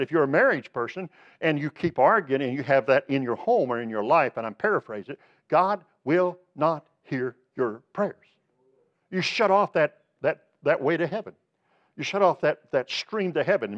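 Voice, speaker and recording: Fairly high-voiced man preaching a sermon. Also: big pitch swings, fairly quick, muffled recording. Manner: emphatic preaching with repeated phrases and direct appeals. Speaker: pastor.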